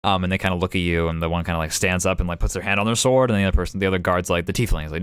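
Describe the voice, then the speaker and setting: Fast-talking low-voiced game master. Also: male voice, fairly even intonation, a bit bright, smooth, dry recording, clean studio sound. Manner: rapid, rambling with fillers. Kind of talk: narrating a tabletop game on stream.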